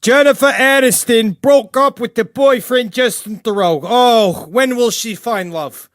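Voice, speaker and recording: A man's voice: very high voice, a little slow, fairly bright tone, no echo, studio quality. A man playing a rambling, pious, petty jailed older killer in a comedic character monologue, full of gossip and sudden outbursts.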